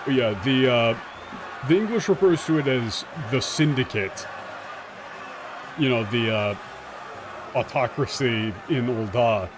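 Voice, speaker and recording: A man streaming a game, casually explaining the translation in an animated, blunt and sarcastic way. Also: medium pitch, takes it slowly, long pauses, background noise. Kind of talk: casual gameplay commentary.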